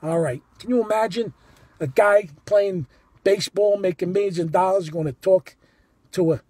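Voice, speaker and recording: Indignant man, husky higher voice, profane, repetitive storyteller. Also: normal speed, dry recording. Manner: animated and indignant, profane, repeats himself. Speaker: baseball fan telling a story. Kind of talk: heated first-person storytelling.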